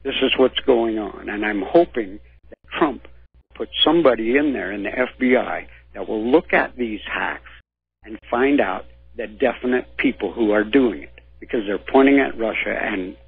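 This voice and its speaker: Raspy-voiced man calling in by phone. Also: lowish voice, moderate pace. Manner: lecturing, explains history at length. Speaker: caller. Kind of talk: call-in radio talk. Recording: phone line.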